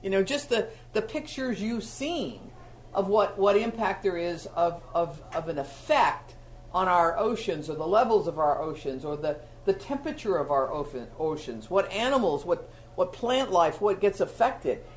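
Preacher, sermon, chatty teaching tone, sudden loud emphasis, middle pitch, faint background noise. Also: animated, normal speed.

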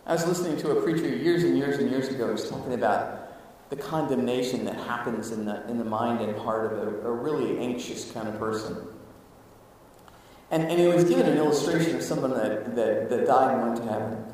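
A man preaching a sermon to his congregation, animated, moving between hushed asides and loud exclamations. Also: mid-range voice, brisk, slight background noise. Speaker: pastor. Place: church sanctuary. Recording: echoey hall, mic at a distance.

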